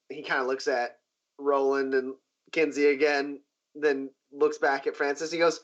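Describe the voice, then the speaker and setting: A man narrating a tabletop game as game master, halting with many fillers. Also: mid-range voice. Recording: dull lo-fi sound.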